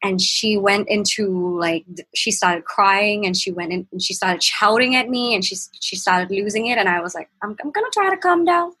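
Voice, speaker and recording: Young woman guest, husky, halting candid storytelling. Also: medium pitch, fairly even intonation, sharp tone, low-quality recording. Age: young adult. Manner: halting, with restarts and fillers, reenacting quotes. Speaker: podcast guest.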